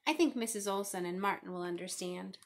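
A woman voicing a gentle father in a picture book, soft and reassuring. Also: mid-range voice, a little fast, natural voice.

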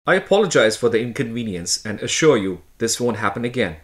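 A man voicing a polite call-center agent who soothes an upset customer. He speaks Indian-accented English at a middle pitch, courteous and steady throughout. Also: brisk, natural voice. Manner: courteous, reassuring.

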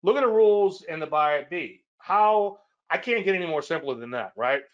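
A man's voice: fairly high pitch, expressive, moderate pace, a bit bright, muffled recording. Rambling man hosting a trading webinar. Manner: rambling, self-deprecating asides. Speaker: trading show host. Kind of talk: casual webinar chat.

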